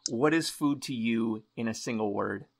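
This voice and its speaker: A man's voice: mid-range voice, normal speed, creaky. A man hosting a podcast interview, enthusiastic and openly sentimental. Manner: enthusiastic, gushing, chokes up at times. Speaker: podcast host. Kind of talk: casual interview chat.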